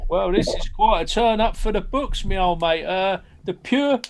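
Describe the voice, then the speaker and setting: A man's voice: sits high, expressive, moderate pace. A man playing his character in a tabletop game, chatty and a bit hesitant. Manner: friendly, colloquial, hesitant. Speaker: player. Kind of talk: in-character tabletop role-play.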